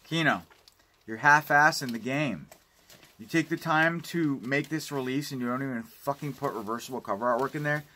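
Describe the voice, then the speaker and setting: A man's voice: mid-range voice, moderate pace, bright, forceful tone. A man giving a casual unboxing review of home video releases, rambling and ranting with plenty of swearing. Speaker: home video collector vlogger.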